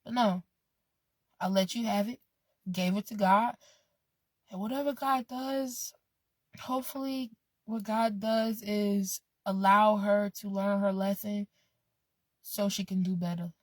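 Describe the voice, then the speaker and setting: A woman's voice: medium pitch, fairly even intonation, slow, long pauses, no echo. A woman vlogging in a casual, rambling way, laid-back, swearing freely and drifting off on tangents. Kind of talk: casual rambling vlog talk.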